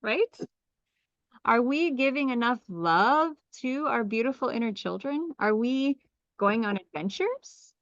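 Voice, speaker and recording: An enthusiastic woman leads a live group call, teaching with a lively, questioning manner. Her voice comes through a computer mic, a little dull and lo-fi, with a dry, close sound. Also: on the high side, measured pace, no room sound. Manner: enthusiastic, animated, asks many questions. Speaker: astrology teacher.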